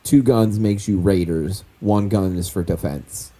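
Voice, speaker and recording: A man's voice: low-pitched, unhurried, warm tone. A man playing a tabletop role-playing game, decisive and laying out his plans step by step. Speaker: player.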